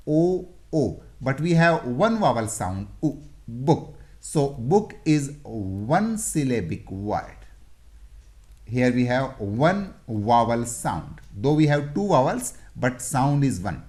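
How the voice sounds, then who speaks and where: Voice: mid-range voice, darkish tone. An English teacher giving an explanatory lesson, repeating and sounding out example words.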